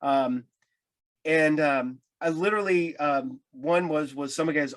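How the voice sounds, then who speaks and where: A man's voice: on the high side, slow pace. A man hosting a podcast, telling rambling anecdotes in casual chat with many restarts. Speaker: podcast host.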